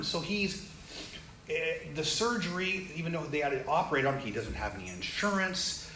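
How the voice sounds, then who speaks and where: A man casually telling a story, acting out the people he quotes, with growing excitement. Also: a little high, fast. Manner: animated, acts out quoted people, rising excitement. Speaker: storyteller sharing a testimony. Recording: roomy echo, faint ambient noise.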